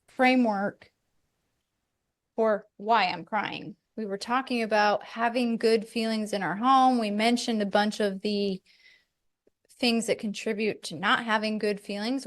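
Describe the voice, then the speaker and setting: In casual conversation on her podcast, this middle-aged host sounds candid and thoughtful, slipping in the occasional light laugh. She has a fairly high voice.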